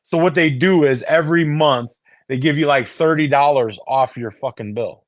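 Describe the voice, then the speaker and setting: A US streamer swears constantly and keeps restarting sentences and repeating words as he chats casually with viewers on a phone. His voice runs on the high side at normal speed, with no echo.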